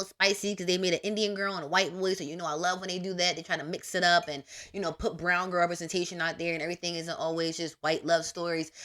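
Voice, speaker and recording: A young adult woman hosting a podcast, giving a casual, emphatic monologue full of slang and big pitch swings. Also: fairly bright tone. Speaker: podcast host.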